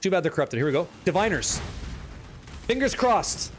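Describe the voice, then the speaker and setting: Streamer, male: high-voiced, hyped and foul-mouthed, chatting with his audience over faint background hum. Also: rapid-fire. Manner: excitable, profane, teasing chat, reading questions aloud. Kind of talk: live gameplay stream, chatting with viewers.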